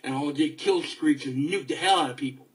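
A man angrily ranting about a video game, stammering and repeating himself as he swings between outbursts and low muttering. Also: fairly quick, low-quality recording. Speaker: video gamer. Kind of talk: angry ranting vlog.

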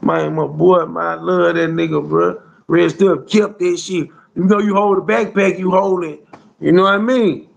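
A man's voice: high-pitched, fairly even intonation, moderate pace, gravelly, lo-fi sound. A man telling a rambling street story in casual slang, with lots of "bro" and "you hear me" along the way. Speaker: storyteller guest.

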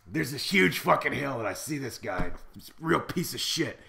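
A man's voice: medium pitch, big pitch swings, normal speed, creaky, bright, forceful tone, a little hiss or hum. A man rambling through a profane, boastful comedic monologue to camera, full of swaggering bravado. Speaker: comedy vlogger in character.

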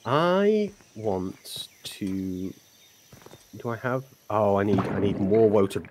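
A man's voice: fairly low pitch, animated, takes it slowly, darkish tone, slight background noise. A man with an English accent, hosting a let's play with casual, rambling chat that often breaks off and restarts. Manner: rambling, self-interrupting, laughs often.

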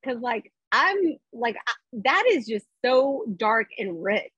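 A slightly high, breathy woman on a lo-fi video call, chatty and filling her talk with "like". The sound is dry and muffled, with no room around it. She jumps in quickly during a relaxed group chat. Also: no echo. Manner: chatty, leans on "like". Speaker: podcast co-host. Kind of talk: casual chat. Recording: dull, lo-fi sound.

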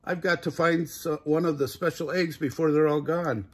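Older man voicing a storybook turkey, eager, scheming, raised pitch, husky. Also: steady tone, normal speed. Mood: frustrated.

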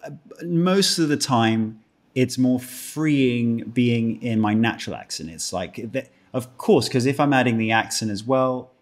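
A man's voice: mid-range voice, animated, a little slow. A man with a British accent chatting as a guest actor in a podcast from a room at home, joking dryly at his own expense and rambling through restarted sentences. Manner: dry self-mocking joker, chuckles often. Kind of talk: casual podcast chat.

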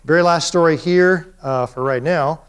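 A man's voice: on the high side, normal speed, clear, resonant tone. A middle-aged man giving a classroom lecture, telling stories with energy and acting out the quoted lines. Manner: animated storyteller, acts out quoted speech. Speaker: professor.

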